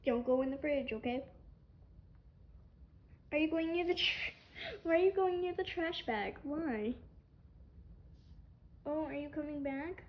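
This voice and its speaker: A woman's voice: high-pitched, a little slow, long pauses. A young woman filming her pet bird at home on a phone, cooing at him and giggling. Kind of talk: casual home vlog. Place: home kitchen, indoors. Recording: dull lo-fi sound.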